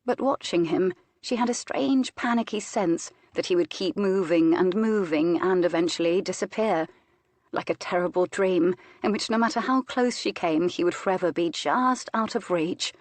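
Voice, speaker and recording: Woman reading a romance audiobook, lowish voice, dry close mic, expressive. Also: dry recording. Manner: measured, expressive. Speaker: audiobook narrator. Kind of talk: scripted audiobook narration.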